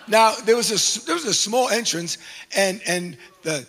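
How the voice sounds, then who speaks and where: A male pastor who preaches through a funny personal story, animated and self-mocking. His voice is high and gravelly with a husky edge. It rings out in a long, reverberant hall. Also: normal speed, slight background noise. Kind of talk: storytelling sermon.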